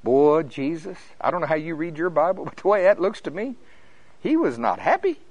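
An older man from Oklahoma preaching with fervor, his voice jumping high and loud in the storytelling parts. The sound is dry and close, with no room around it. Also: fairly quick, no room sound, dull audio. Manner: fervent, preachy, rising to high excited peaks when telling stories. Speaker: pastor. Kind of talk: sermon.

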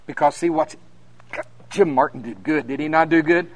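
A minister preaching at a conference, telling folksy stories that climb to emphatic peaks. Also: male voice, a little high, moderate pace. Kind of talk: conference sermon.

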